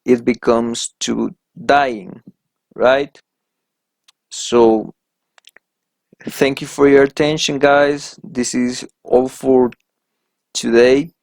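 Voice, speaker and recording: Slow, methodical male English teacher. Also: mid-range voice, creaky, darkish tone, dry recording. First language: Spanish. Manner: methodical, checks in with "right?" after each point. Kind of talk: recorded grammar lesson.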